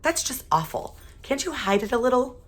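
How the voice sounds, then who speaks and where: A woman's voice: high voice, very animated, moderate pace, slightly rough, pitched above the performer's own voice, full character voice. A woman voicing a fussy, easily embarrassed mother who frets but stays firm. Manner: fretting, firm.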